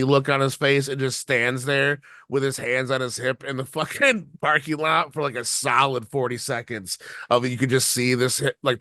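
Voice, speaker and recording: Here a male podcast co-host, mid-range and fairly bright in tone, rambles through a lengthy, foul-mouthed story while chuckling at himself. The studio-quality audio carries no room sound.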